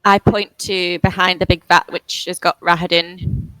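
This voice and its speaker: A woman playing in an online tabletop game, asking quick questions about the scene. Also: on the low side, little pitch movement, a bit bright, clear, resonant tone, dry recording, poor audio. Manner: asks quick questions, curious. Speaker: player. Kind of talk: casual game table chat.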